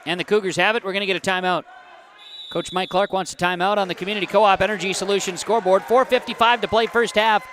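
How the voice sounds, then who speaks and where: A man calling a basketball game live, his voice bright and forceful and pitched a little high. He rattles off passes, fouls and substitutions in quick bursts and jumps up on big plays. Faint gym ambience sits behind him. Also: a little hiss or hum. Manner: rapid, excitable calls that jump up on big plays. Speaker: play-by-play announcer.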